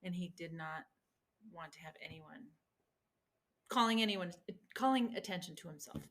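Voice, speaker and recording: A woman raised in the Midwest after an Argentine childhood, speaking with a Midwestern accent in a casual interview, animated with quick asides. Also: lowish voice. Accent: Midwestern American. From Argentina, raised in Illinois from age twelve. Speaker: interviewee, Spanish teacher. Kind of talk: casual conversation.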